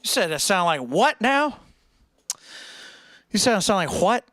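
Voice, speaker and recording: A man's voice: sits high, very animated, a little slow, bright, forceful tone, dry recording, clean studio sound. A man streaming, chatting casually and joking around with lots of laughs. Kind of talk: casual chat.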